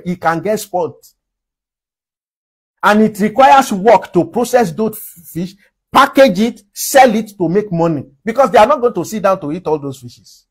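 A man from Nigeria delivers a sermon in a fairly high, husky voice. He preaches with strong emphasis and laughs often between his points.

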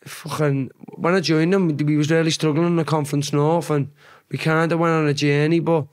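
A man's voice: on the high side, a little fast. A young Scouse man from Liverpool, a former footballer telling stories as a podcast guest in casual, swear-heavy chat. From Liverpool, England. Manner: swearing, animated storyteller. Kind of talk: casual storytelling.

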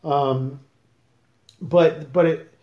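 A man's voice: on the high side, steady tone, very slow, echoey room, lo-fi sound. A man hosting a casual podcast, questioning his guest in a teasing, mock-serious way. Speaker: podcast host.

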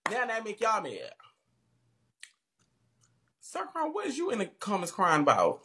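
A woman's voice: mid-range voice, wildly swooping pitch, a little slow, fairly bright tone, slight background noise. A woman livestreamer ranting at her viewers in a brash, profane and confrontational way, mocking the comments.

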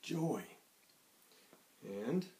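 A man's voice: fairly high pitch, animated, drawn-out words, dark tone. A male teacher giving a playful, encouraging phonics lesson to young children. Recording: echoey room.

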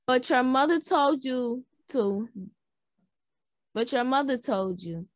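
A woman's voice: high-pitched, animated, slow pace, no echo. A woman voicing a stern male school principal in a storybook read-aloud, firm and questioning.

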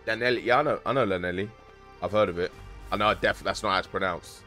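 A man's voice: low-pitched, fast talker, sharp tone, faint music behind. A young man chatting casually with his live-stream viewers while gaming, joking around and using slang. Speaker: game streamer.

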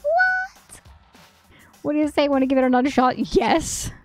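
Excitable young woman streaming a game. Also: high-pitched, normal speed, soft background music. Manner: excitable, swearing, laughing asides. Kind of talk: live game playthrough, reading game text.

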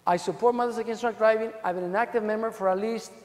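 A woman's voice: on the high side, steady tone, quick pace, darkish tone, natural voice. A man voicing an earnest woman juror who rattles off a list. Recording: long echo of a large hall.

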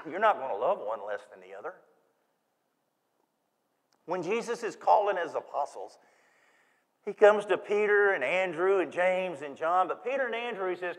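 A man preaching a sermon in a church, folksy and animated, acting out quoted voices. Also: sits high, moderate pace, long pauses. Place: church sanctuary. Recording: long reverb of a church hall.

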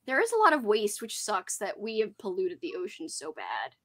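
A woman's voice: medium pitch, huge pitch swings, normal speed, a bit bright. A young woman hosting a casual live-stream book club chat, chatty and giggly as she reads out viewer comments. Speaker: host of a horror book channel.

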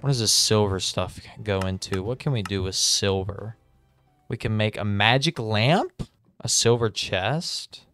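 A man giving excitable, chatty gameplay commentary and talking straight to his viewers. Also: lowish voice, unhurried. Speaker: gaming video host.

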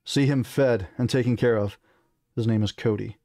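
A man's voice: mid-range voice, fairly even intonation, moderate pace, mellow, no room sound, clean studio sound, natural voice. A man reading aloud and voicing a determined young male prince who gives firm, commanding orders.

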